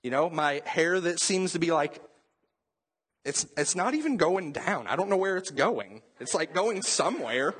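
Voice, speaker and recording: Man, young adult, pastor, casual sermon, husky, fairly high voice. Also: lively intonation, moderate pace, a bit bright. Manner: casual, conversational preaching with asides and playful voices.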